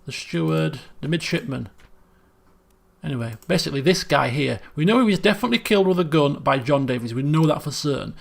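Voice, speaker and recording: A man's voice: on the high side, lively intonation, a little fast, creaky. A man, thinking aloud as he streams a puzzle game, muttering guesses and restarting sentences. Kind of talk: casual gameplay commentary.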